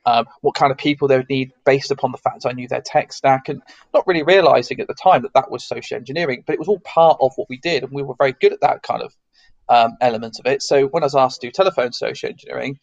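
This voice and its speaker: Casting: English man, neutral accent, gravelly and dry, talks in loose rambling runs. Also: mid-range voice, no echo, lo-fi sound. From south of England. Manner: rambling, many restarts and fillers. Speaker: guest, security consultant. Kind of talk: casual interview chat.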